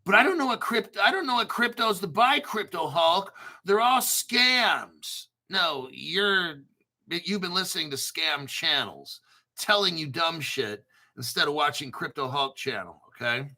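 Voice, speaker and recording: A man hosting a crypto show, ranting bluntly and profanely while clearing his throat often. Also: on the high side, animated, measured pace, sharp tone.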